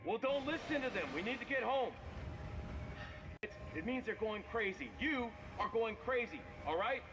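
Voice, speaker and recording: An actor playing a blunt, profane male soldier who speaks in a curt, forceful way. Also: very high-pitched, expressive, normal speed. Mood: urgent.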